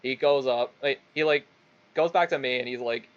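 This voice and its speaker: A man's voice: mid-range voice, normal speed, clean tone, dull audio. A man casually telling a rambling, stumbling story, swearing often as he goes. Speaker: streamer.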